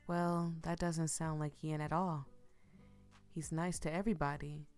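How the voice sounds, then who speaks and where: A woman reading the lines of a tough, sharp-tongued young country girl in a story game. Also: low voice, flat delivery, unhurried, faint music behind. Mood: blunt.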